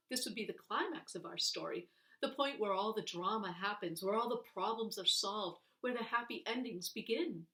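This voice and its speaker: A woman's voice: mid-range voice, a bit bright, reverberant, poor audio. A woman reading a children's novel aloud, voicing the characters with expression. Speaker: reader.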